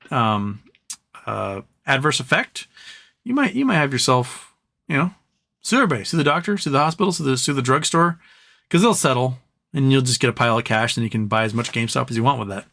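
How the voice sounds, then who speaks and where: A man in his forties hosts a casual live stream and reads out viewer questions. He answers in a loose, rambling way, blunt and full of opinion, stumbling through restarts and fillers. His voice sits at an ordinary mid pitch. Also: fairly bright tone. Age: 40s. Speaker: livestream host reading viewer questions.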